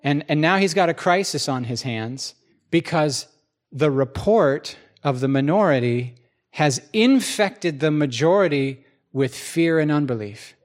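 A man preaching a sermon in a church, his voice sitting a little high for a man. He talks to the congregation like a conversation, asks them questions and acts out the people in his stories. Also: lively intonation, measured pace.

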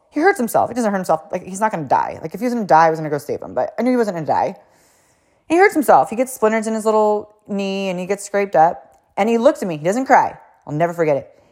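A woman hosting a podcast, telling a story in a blunt, animated way with frequent fillers, casual swearing and acted-out quotes. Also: mid-range voice. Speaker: podcast host and coach.

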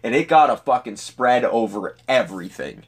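A young man telling a personal story in a casual, profane, animated way. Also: mid-range voice, moderate pace, husky. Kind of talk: personal anecdote monologue.

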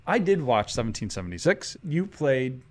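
Animated, laughing male interviewer. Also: mid-range voice, moderate pace. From Chicago. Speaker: host. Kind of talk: casual interview chat.

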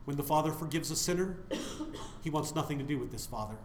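A man's voice: fairly high pitch, lively intonation, fairly quick, a little mellow, roomy sound, a little hiss or hum. A man preaching a sermon, putting questions to his listeners and answering them himself.

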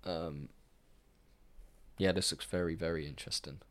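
A man's voice: sits low, fairly even intonation, normal speed. A man co-hosting a casual chat, tired and yawning, trailing off and restarting as he talks. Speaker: podcast co-host.

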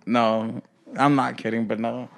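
A man's voice: medium pitch, little pitch movement, unhurried, creaky. A young man asking teasing questions in casual chat. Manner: quizzical, teasing. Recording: crowd noise behind.

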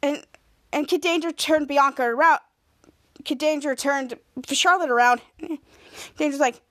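A woman with a high voice hosts a podcast and recaps a TV episode scene by scene. She rambles, restarts her sentences and giggles as she goes. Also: measured pace, long pauses, a bit bright. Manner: rambling, self-correcting, giggly. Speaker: podcast host.

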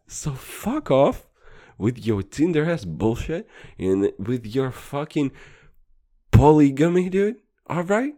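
Profane rambling man with a lively voice. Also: medium pitch, slow. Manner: crude, profane, rambling and boastful. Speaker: podcast host. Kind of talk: comedic podcast rant.

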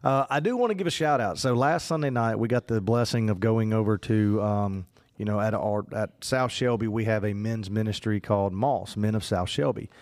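A man talks through a casual podcast chat, circling his point with plenty of fillers and restarts. His voice sits a little low, and it is recorded close and dry in a small studio. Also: moderate pace, darkish tone, no room sound. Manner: rambling, many fillers and restarts. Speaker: podcast co-host.

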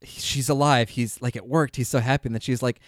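A man co-hosting a casual podcast, recapping an episode with lively asides and playful quoted lines. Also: medium pitch, a little fast, dry recording, clean studio sound. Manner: animated, acts out scenes with quoted voices. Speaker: podcast co-host. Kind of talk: casual chat.

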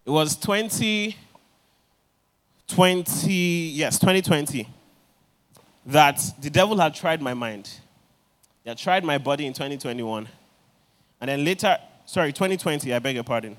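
A man preaching in a fairly high voice. He tells his stories with animation and slips into the voices of the people he quotes. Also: animated, measured pace, pauses often. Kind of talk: sermon.

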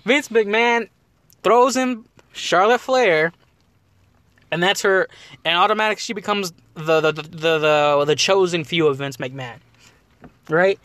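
Guy hosting a podcast, kinda high voice, rambly and laughing a lot, dry close sound. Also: a little slow, long pauses, dry recording. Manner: rambling, animated, laughs often. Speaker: podcast host. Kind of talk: casual wrestling chat.

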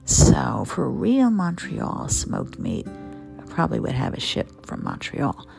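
Gravelly low-voiced chatty New York woman. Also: wildly swooping pitch, a little slow, a little mellow. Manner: gabby, playful, digressive with asides. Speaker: travel and food vlogger. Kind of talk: chatty food monologue. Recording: music playing behind the voice.

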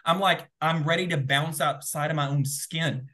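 A man guest telling an excitable, animated story in a casual interview, full of fillers and quick asides. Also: on the high side. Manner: excitable, animated, rapid filler-heavy retelling. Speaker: guest, former game show contestant.

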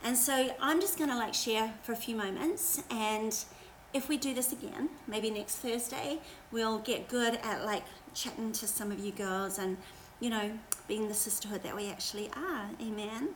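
A woman's voice: fairly high pitch, moderate pace, slight background noise, poor audio. A woman pastor giving a casual, encouraging devotional talk on a livestream, chatty, with many fillers.

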